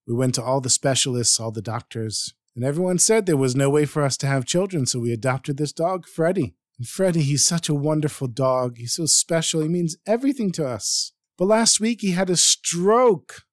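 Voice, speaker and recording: A man's voice: on the high side, normal speed, hardly any pauses, no room sound, natural voice. A man voicing a tearful, earnest taxi driver. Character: emotional middle-aged Jewish taxi driver man, tearful.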